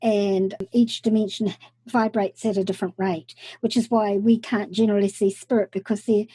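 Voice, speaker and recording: A woman hosting an interview, calmly explaining her ideas in a matter-of-fact way. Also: mid-range voice, normal speed, husky, no room sound. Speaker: host. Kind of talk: interview chat.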